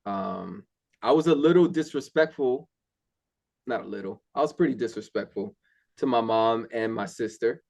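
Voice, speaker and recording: A young man speaking candidly in a relaxed conversation. He tells his faith story plainly and earnestly, with plenty of ums and restarts. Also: mid-range voice, moderate pace, vocal fry. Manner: candid, earnest, many fillers. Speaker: interview guest. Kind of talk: casual testimony.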